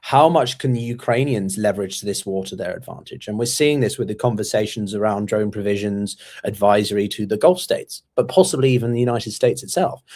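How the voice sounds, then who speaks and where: A man speaking as a guest analyst in a conversational way, measured but full of ums and restarts. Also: on the low side, darkish tone. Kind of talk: conversational commentary.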